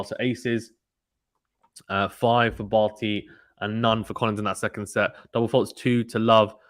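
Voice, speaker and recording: A man giving casual live play-by-play tennis commentary and reading out viewer chat, in a brisk, chatty manner with frequent ums and restarts. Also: on the low side, fairly bright tone, no echo, studio quality.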